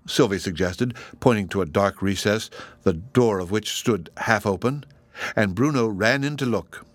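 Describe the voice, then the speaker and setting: A man reading a storybook aloud as narrator in an expressive, measured way. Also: fairly low pitch, dry recording.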